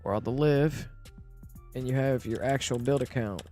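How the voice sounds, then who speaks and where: A man's voice: medium pitch, normal speed, mellow, soft background music. A man streaming live, rambling and thinking aloud in casual talk, often repeating himself and asking if you know what he means.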